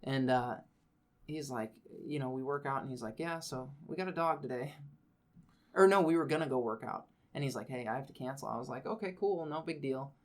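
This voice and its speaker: A man's voice: mid-range voice, a little fast. A man co-hosting a casual chat with a friend. He tells anecdotes at an easy, laid-back pace, with dry, wry humor and quoted back-and-forth. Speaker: podcast co-host.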